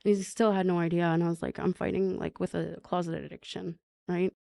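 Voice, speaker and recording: A middle-aged woman with a lowish voice tells a personal recovery story on a podcast. She speaks haltingly, circling back with fillers and restarts. The sound is dry and close, with no room around her. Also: flat delivery, vocal fry, warm tone, dry recording. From Canada. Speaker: podcast guest.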